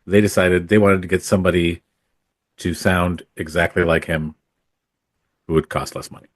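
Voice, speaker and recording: This man speaks in a deep voice with fairly even intonation at a normal speed, recorded cleanly in a studio with no room sound. A former actor turned photographer, he's a podcast guest rambling through stories of his acting past, with plenty of fillers and false starts.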